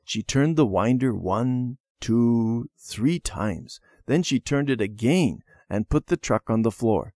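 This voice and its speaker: Brief: male storyteller, animated pitch, close dry read. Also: measured pace, dry recording. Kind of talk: reading a Christian children's story aloud.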